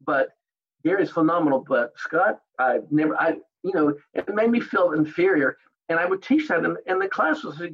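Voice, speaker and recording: Husky guy with a high voice, animated storytelling, kinda dull lo-fi sound. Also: moderate pace. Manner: animated anecdotes, acts out others' lines. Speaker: guest, martial artist and actor. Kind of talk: storytelling interview.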